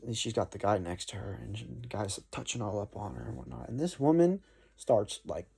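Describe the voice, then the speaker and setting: Young man, warm mellow voice, rambling casual storyteller. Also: fairly low pitch, a little fast, gravelly, slightly rough. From North Florida. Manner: rambling, laid-back, many fillers and "man". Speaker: saxophone player telling a story.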